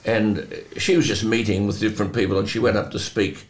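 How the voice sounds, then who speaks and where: A man's voice: lowish voice, level tone, a little fast, echoey room. An older man, hosting and telling anecdotes in a chatty way, chuckling often. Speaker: host. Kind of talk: conversational storytelling.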